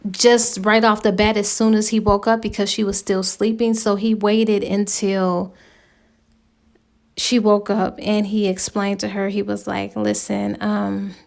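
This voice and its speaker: A woman's voice: mid-range voice, little pitch movement, unhurried, a little mellow. A woman giving a chatty, slangy spoken recap of a novel's plot as a book reviewer.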